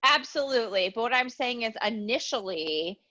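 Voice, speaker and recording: A woman co-hosting a podcast with a slightly high voice, talking hesitantly and restarting her sentences often. She sounds puzzled, and the recording is dull and lo-fi. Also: animated, moderate pace, sharp tone. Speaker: podcast co-host. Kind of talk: casual podcast chat.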